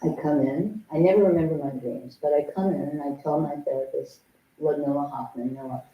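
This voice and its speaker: A woman's voice: low-pitched, steady tone, brisk, recorded from a distance, muffled recording, a little hiss or hum. An older woman giving a dharma talk as a Zen teacher, telling a personal story in a frank, humorous way. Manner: frank, humorous, acts out remembered dialogue. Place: temple meditation hall. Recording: echoey hall, voice from afar.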